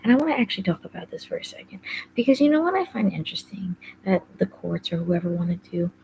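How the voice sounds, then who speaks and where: Gravelly-voiced woman with whispery asides. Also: mid-range voice, lively intonation, quick pace, mellow, a little hiss or hum, rough recording. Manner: rambling, heavy use of fillers like "like" and "um"; often drops into a whispery, breathy undertone. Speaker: podcast host. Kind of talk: casual personal monologue.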